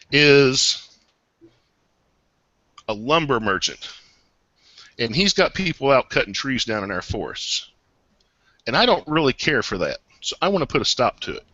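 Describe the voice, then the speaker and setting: A man voicing a secretive male dwarf raised by elves, talking in a hushed, conspiratorial way. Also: medium pitch, no echo, highs cut off, heavily acted.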